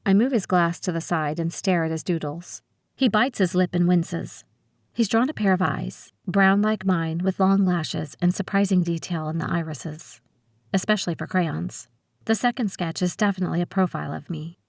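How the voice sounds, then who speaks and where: Audiobook narrator: woman, first person, lowish voice, steady and measured, dry close read. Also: creaky, no room sound.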